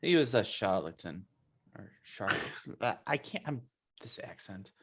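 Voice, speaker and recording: A man playing a tabletop game who talks casually in a slow, halting way. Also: mid-range voice, very animated, breathy edge, lo-fi sound. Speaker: player.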